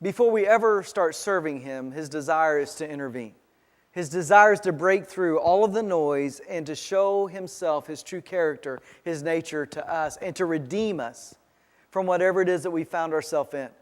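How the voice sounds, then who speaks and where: A man with a high voice preaches in a church sanctuary, and the sound hangs in a long reverb. He tells a personal story as his sermon, halting often and restarting his phrases. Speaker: pastor.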